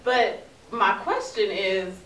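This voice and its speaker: A woman's voice: medium pitch, lively intonation, slow pace, fairly bright tone. A woman speaking hesitantly with many fillers as she asks a spiritual question. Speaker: caller. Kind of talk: conversational question. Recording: echoey, distant, noisy.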